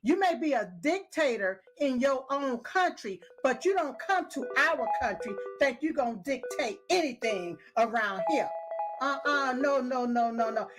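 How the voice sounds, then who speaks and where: A woman giving casual, opinionated commentary, emphatic and scolding, who keeps repeating "yes, yes" and "uh-huh". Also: sits high. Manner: scolding, talks straight at the people she criticizes. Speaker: political commentator.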